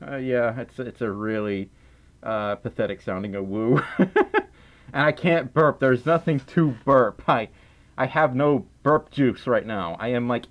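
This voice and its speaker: Giggly tired Southern man, lively pitch. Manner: giggly, rambling, playful. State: tired, sleep-deprived. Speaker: livestream host. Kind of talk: casual livestream chat.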